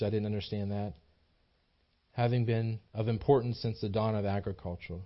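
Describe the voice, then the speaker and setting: A man's voice: medium pitch, fairly even intonation, normal speed, lo-fi sound. A man preaching a sermon in a small church, earnest and emphatic, repeating himself as he builds his points. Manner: earnest, repetitive, emphatic delivery with frequent restarts. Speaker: pastor.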